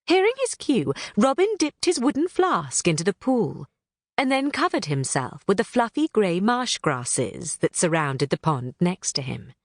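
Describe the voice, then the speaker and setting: A woman's voice: mid-range voice, unhurried, no room sound, clean studio sound. A woman reading a children's book aloud in a storytelling manner. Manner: animated, storytelling. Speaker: audiobook narrator. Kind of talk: scripted narration of a children's book.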